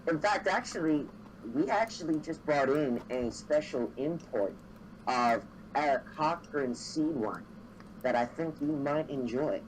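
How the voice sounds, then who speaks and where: A man's voice: fairly high pitch, expressive, a little slow, slight background noise, low-quality recording. A man voicing a polite, courteous female waitress in a tavern. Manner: courteous, gracious to customers.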